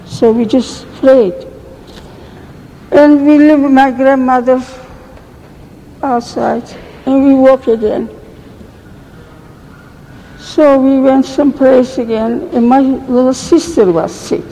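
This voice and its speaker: An older woman giving an oral history account as a survivor, speaking halting, broken English with frequent restarts. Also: high voice, fairly even intonation, warm tone. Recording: reverberant room, faint background noise.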